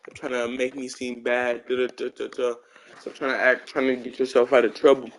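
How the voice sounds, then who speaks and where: A man's voice: medium pitch, flat delivery, a little fast, lightly acted. A man voicing his scolding mother as she lectures her small child, nagging over and over and trailing off into "da, da, da.". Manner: nagging, repetitive, filler "da, da, da".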